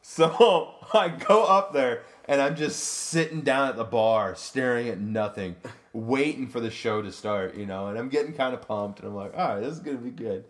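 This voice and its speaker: A man's voice: mid-range voice, normal speed. Profane storytelling comedian man. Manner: animated, profane, acts out quotes in his story. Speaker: podcast co-host, comedian. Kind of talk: casual storytelling chat.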